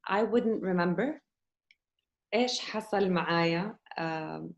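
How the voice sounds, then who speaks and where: A woman guest on a podcast telling a personal story in lively conversation and acting out the dialogue as she goes. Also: on the low side, normal speed, gravelly, muffled recording. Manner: animated, acts out quoted dialogue.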